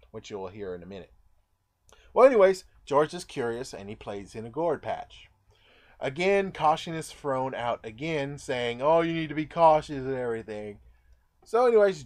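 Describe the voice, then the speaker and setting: A man rambles through a casual recap of a movie, his voice sitting a little high for a man. He jumps into the characters' lines now and then, acting them out with a lot of energy. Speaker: movie reviewer.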